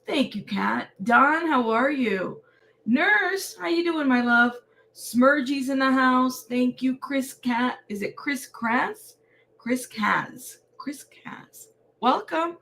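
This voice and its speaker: A woman's voice: high voice, animated, slow pace, gravelly, sharp tone, a little hiss or hum. A tired woman hosting a casual livestream and greeting viewers by name. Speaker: livestream host.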